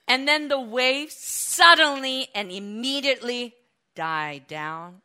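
A woman preaches a sermon in a high, bright voice. She tells the story with lively energy, acts out the voices in it, and now and then breaks into shouts. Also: slow pace.

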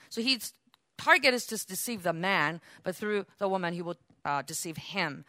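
A woman Bible teacher with a mid-range voice gives sermon-style teaching on scripture, full of animated energy and often turning questions back on her listeners. Her voice is bright and forceful, recorded dry and close with no room echo.

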